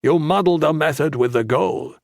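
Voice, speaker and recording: A male narrator voicing a stern, cryptic older monk who lectures his pupil through slow, probing questions. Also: a little high, creaky, no echo, clean studio sound, voice pushed up. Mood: stern lecturing.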